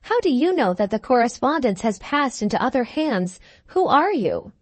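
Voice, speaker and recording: A woman's voice: big pitch swings, normal speed, no room sound. A woman voicing a haughty society widow who turns from icy politeness to jealous fury. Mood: suspicious. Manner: politely cold, then shrill and indignant.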